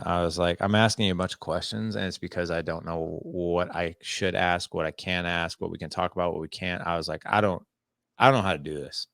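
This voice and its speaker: A man with a very deep voice and a gravelly, fry-laden texture tells a personal story in earnest, animated bursts, acting out old conversations. The sound is dry and close, with no room around it. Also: fairly quick, no echo. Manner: earnest, animated storytelling with frequent "I was like" quotes. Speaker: podcast guest. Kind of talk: candid storytelling interview.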